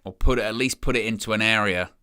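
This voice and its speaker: A young man giving excitable, chatty live commentary as a fan following a football match. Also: fairly low pitch, fast, clean tone. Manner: excitable, chatty play-by-play with asides.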